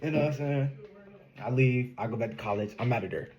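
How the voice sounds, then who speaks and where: A young man telling a casual storytime in an animated, slangy way, laughing often. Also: mid-range voice, fast talker, dull audio. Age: young adult. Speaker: vlogger.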